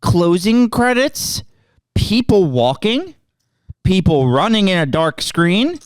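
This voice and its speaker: A man co-hosts a movie review podcast in casual chat, often repeating words as he starts his sentences. His voice sits high and is sing-song and slow, recorded at studio quality with no echo.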